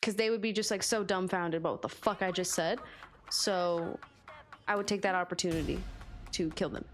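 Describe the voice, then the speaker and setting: A woman's voice: fairly low pitch, steady tone, normal speed, faint music behind. A woman streamer chatting casually as she reacts, giggling often and swearing freely.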